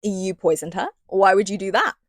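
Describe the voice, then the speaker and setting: A woman's voice: medium pitch, moderate pace, no echo, clean studio sound, lightly acted. A woman voicing a scheming male duke who feigns puzzled innocence, in a book-review vlog. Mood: feigned surprise.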